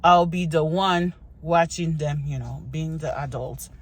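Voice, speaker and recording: A woman's voice: low voice, unhurried. A young woman from Haiti with a Haitian accent, chatting casually and encouragingly as she introduces herself on her vlog. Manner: chatty and encouraging, with frequent restarts and "you know". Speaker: vlogger. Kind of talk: casual get-to-know-me vlog.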